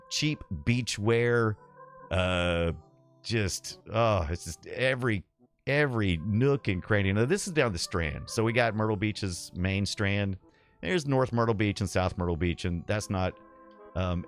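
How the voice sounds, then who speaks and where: A middle-aged man from the southeastern US streaming a game live, rambling nostalgically and reading his viewers' chat aloud. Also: low-pitched.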